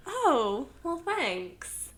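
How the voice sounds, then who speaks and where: A woman's voice: high voice, very animated, drawn-out words, fairly bright tone, slight background noise. A young woman, co-hosting a casual podcast chat and telling stories with plenty of laughs. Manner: chatty, laughing storyteller. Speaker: podcast co-host.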